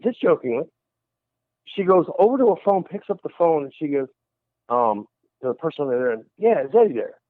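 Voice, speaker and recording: A man whose voice sits on the high side speaks fairly quickly with long pauses, with no room sound on a dry, tinny phone line. A paranormal investigator on a radio interview, he tells an animated story and acts out the other people's voices.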